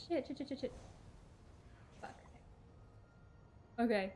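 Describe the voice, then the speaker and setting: A woman's voice: medium pitch, moderate pace, long pauses, darkish tone, a little hiss or hum. A woman streaming a video game, giving casual gameplay commentary and talking to herself, swearing when things go wrong.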